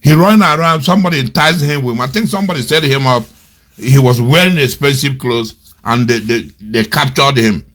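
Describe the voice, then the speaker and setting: A man with a husky voice, giving angry, scornful political commentary. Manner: scornful, indignant, repeats insults, swings between loud outbursts and low mutters. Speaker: commentator on a web radio show. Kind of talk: angry political commentary, reading out and mocking quotes.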